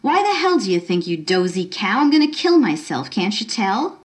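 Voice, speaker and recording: A woman's voice: medium pitch, unhurried, lightly acted. A woman voicing a bitter nineteen-year-old girl who sneers and snaps, as she reads a story aloud. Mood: angry. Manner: sneering, snapping.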